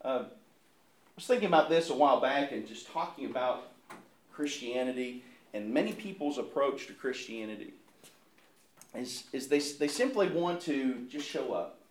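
A man's voice: mid-range voice, animated, normal speed, echoey room. A man preaching a sermon in an earnest way, often repeating words as he restarts his sentences. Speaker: pastor.

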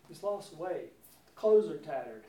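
A man's voice: a little high, lively intonation, a little slow, dark tone. A man preaching a sermon in a church, emphatic and repeating his key words, recorded from a distant mic in a roomy space.

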